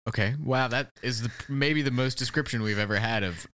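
A man co-hosting an improvised comedy podcast, riffing with wry, deadpan asides. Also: medium pitch, fairly quick, clean tone, no echo. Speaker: podcast co-host.

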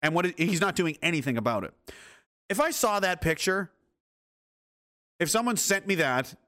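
A man's voice: sits high, lively intonation, normal speed, sharp tone. A man reacting to news reports and photos in a sarcastic, angry, heavily profane rant. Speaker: commentator.

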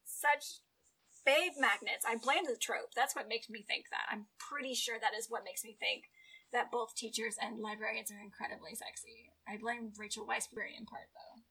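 A woman hosting a podcast in casual chat, chatty and animated, laughing often. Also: a little high, moderate pace, vocal fry, slightly rough, poor audio. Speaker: podcast host.

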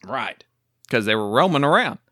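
Man, podcast co-host, lively bright tone, excitable and rambling. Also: medium pitch, normal speed, no room sound, clean studio sound. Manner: excitable, rambling history explainer. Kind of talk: casual chat.

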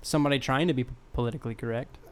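A man's voice: medium pitch, rapid-fire. A man co-hosting a podcast in casual chat, making his points in a wry, articulate way. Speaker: podcast co-host.

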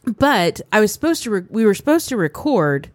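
A woman co-hosts a casual podcast, telling stories with playful teasing. Her pitch moves lively up and down. The sound is close and dry, with no room echo. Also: normal speed. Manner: playful, teasing, animated storytelling. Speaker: podcast co-host. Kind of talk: casual chat.

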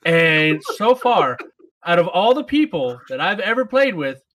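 A man's voice: high voice, sing-song, measured pace, a bit bright. A man co-hosting a gaming podcast, playful and teasing. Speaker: podcast co-host. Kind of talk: casual gaming podcast chat.

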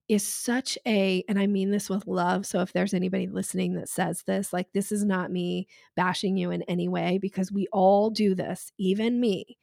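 A woman sales coach speaks in a frank, emphatic way on a podcast, with a slight gravelly fry at the ends of her phrases. The sound is close and dry, with no room around it. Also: medium pitch, fairly even intonation, normal speed, hardly any pauses, mellow, dry recording. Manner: emphatic, frank, laughs between points. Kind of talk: casual podcast conversation.

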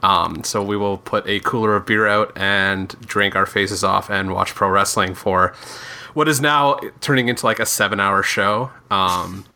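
A man's voice: fairly low pitch, unhurried, sharp tone. A man co-hosting a podcast in casual chat, rambling with many fillers and restarts. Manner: rambling, lots of likes and restarts. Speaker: podcast co-host.

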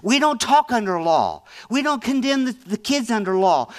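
A man's voice: high voice, sing-song, moderate pace, hardly any pauses, a bit bright. A middle-aged man preaching a sermon with fervent conviction, repeating phrases for emphasis. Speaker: pastor.

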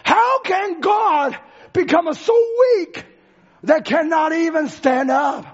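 A male preacher giving a dramatic sermon, swinging from shouts to hushed lines, on a dull lo-fi recording. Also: very high-pitched, lively intonation, slow pace.

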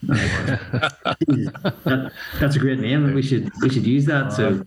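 A man's voice: mid-range voice, slow, over a noisy crowd, low-quality recording. A man, a whiskey brand co-founder, telling a story in a casual interview with many fillers and restarts.

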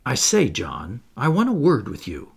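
A man reading as an eager young gentleman. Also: medium pitch, huge pitch swings, measured pace, slightly rough, full character voice. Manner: earnest, eager, a bit pompous. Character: young male aristocrat, cheerful, eager, boyish.

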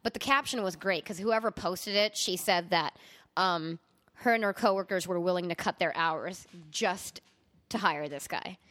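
A woman's voice: lowish voice, normal speed, fairly bright tone. A woman co-hosting a casual podcast, chatting in a rambling way. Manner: chatty, rambling with fillers and laughs. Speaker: podcast co-host. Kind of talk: casual chat.

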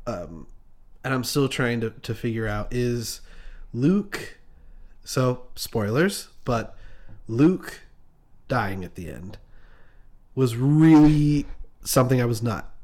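A man talking casually about a film. His speech rambles, restarts and leans on fillers. The voice sits at a middling pitch. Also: very animated, slow, long pauses, a little mellow.

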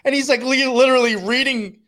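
A man's voice: very high-pitched, fairly even intonation, a little fast, pushed and bright. A man telling a rambling, profane story in casual conversation, laughing as he goes. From New York.

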